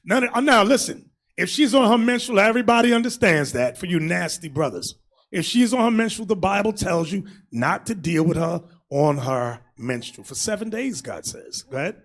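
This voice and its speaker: A man preaching as a bishop, loud and crude, shouting and laughing as he mocks people in put-on voices. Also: high voice, animated, normal speed.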